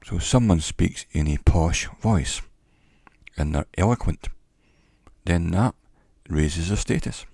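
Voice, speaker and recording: A man giving an educational talk in a measured, reflective way, pausing often between phrases. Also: low voice, mellow, no echo, studio quality. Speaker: teacher. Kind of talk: educational monologue.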